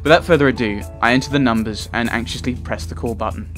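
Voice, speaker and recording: A man's voice: mid-range voice, fast talker, a bit bright, soft background music. Chatty man reading a visual novel. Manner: chatty, laughs at his own reading slips. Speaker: let's player.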